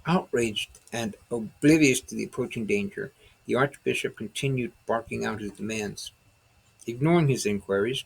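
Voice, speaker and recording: A man narrating his own novel as an audiobook, in steady dramatic storytelling. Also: mid-range voice, moderate pace, gravelly, husky, rough recording.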